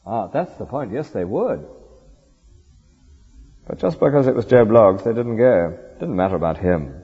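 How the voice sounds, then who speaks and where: A man's voice: medium pitch, lively intonation, normal speed, warm tone, husky. A man preaching a sermon in an earnest, rhetorical way, often ending points with tag questions. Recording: dull lo-fi recording with long hall reverb.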